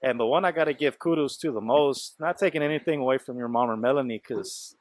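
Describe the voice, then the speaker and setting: A man's voice: medium pitch, fast, dry recording. A man hosting a podcast, telling a story in loose casual talk, full of swearing, fillers and quoted speech. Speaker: podcast host.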